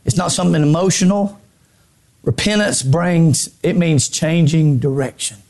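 A man preaching a sermon from a church pulpit. He repeats phrases and swings between shouted lines and hushed low ones. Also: measured pace, vocal fry. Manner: repeats phrases, stammers on restarts. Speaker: pastor.

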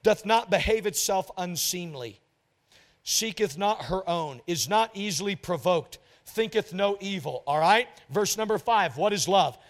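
A man with a high-pitched voice delivers a sermon to his congregation. He is emphatic, repeats his key phrases for effect and slips into mock voices to act out examples. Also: animated, measured pace. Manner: emphatic preaching, repeats phrases, mimics couples in quotes. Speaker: pastor.

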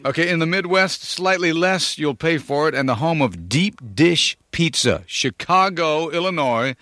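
A man's voice: fairly high pitch, animated, a little slow, bright, forceful tone. A man hosting a radio countdown, chatting playfully and teasing callers. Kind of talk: upbeat radio DJ patter.

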